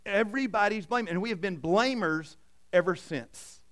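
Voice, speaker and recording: High, clear-voiced preaching man. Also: moderate pace. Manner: dynamic preaching, swings from loud emphasis to hushed. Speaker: pastor. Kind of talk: sermon.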